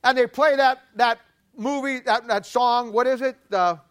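A man preaching a sermon to a congregation, animated, repeating himself often and swinging between loud and hushed. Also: very high-pitched, moderate pace, clean tone. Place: church before a congregation.

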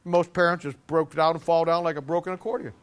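A man preaching a sermon in an animated, humorous way, stammering restarts and acting out little scenes. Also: fairly high pitch, fast, smooth.

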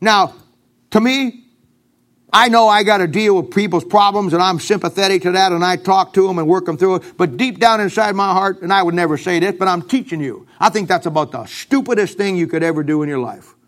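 A man's voice: high voice, fairly quick, fairly bright tone. A middle-aged male pastor preaching a sermon in a folksy, emphatic, storytelling way.

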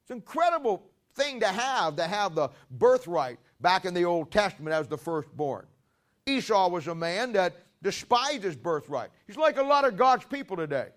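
A man preaching a sermon who questions the congregation and drives his points home with loud, emphatic stresses. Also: high-pitched, big pitch swings, normal speed.

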